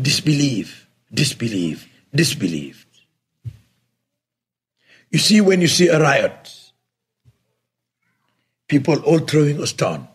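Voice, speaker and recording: Man, religious teacher, sermon, fairly high voice, loud then very quiet. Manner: non-native English, asks listeners if they follow, swings between loud and very quiet.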